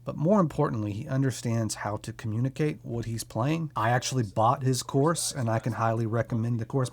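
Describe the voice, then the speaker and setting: Chatty man with mid-pitched voice. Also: darkish tone. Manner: chatty, enthusiastic, with quick self-deprecating asides. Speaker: music YouTuber and host. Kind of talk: casual commentary on recommended channels.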